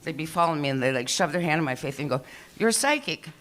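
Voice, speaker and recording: A woman's voice: low voice, very fast. An older woman doing a stand-up comedy set, telling stories in a chatty, profane way, full of fillers and restarts. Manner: chatty, profane, animated storytelling with many fillers. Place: small comedy venue.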